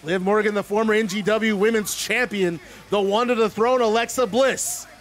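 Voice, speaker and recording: An excitable male commentator with a very high voice, rambling through his narration of a simulated wrestling show. Faint music plays behind him. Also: normal speed.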